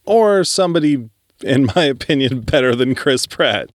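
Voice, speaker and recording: A man's voice: mid-range voice, animated, normal speed, no room sound, clean studio sound. Rambling male podcast co-host. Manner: rambling, restarts a lot, swears. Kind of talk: casual chat.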